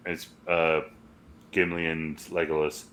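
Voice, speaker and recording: A man's voice: extremely low pitch, level tone, slow pace, fairly bright tone. A man co-hosting a casual movie review chat, rambling and swearing as he recounts scenes. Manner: rambling, swears, quotes film lines in put-on voices. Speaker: podcast co-host.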